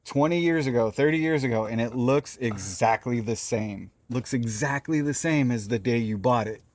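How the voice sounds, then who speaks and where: A man's voice: medium pitch, moderate pace, a little mellow, no echo. Rambling man, podcast co-host. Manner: rambling, repeats himself, emphatic warnings. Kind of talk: casual chat. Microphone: phone recording.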